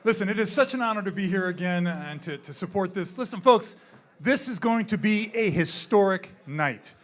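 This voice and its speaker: High-voiced older man, rambling gala speech. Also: animated, moderate pace. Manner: rambling, candid, repeats himself. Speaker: zoo wildlife worker speaking at a gala. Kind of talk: off-the-cuff event speech. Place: indoor event room.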